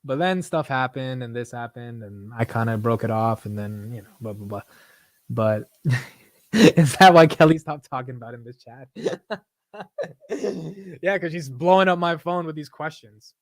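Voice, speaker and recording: A man's voice: medium pitch, normal speed, no echo. A young man hosting a casual late-night livestream, chatting in laid-back slangy banter and laughing often. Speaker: livestream host.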